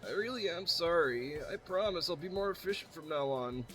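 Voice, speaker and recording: Man playing a timid kitchen trainee, high and apologetic, bad French accent, eager to please. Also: expressive, fairly bright tone, faint music behind. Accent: attempted French. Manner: meek, eager to please, slow. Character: nervous young male kitchen trainee, apologetic.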